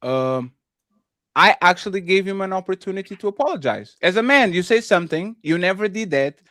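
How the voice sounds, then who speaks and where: A man's voice: high voice, lively intonation, fairly quick, a bit bright, no room sound, studio quality. A man on a livestream panel telling his side, aggrieved and mimicking others. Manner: aggrieved, mocks others' words. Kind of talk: heated panel chat.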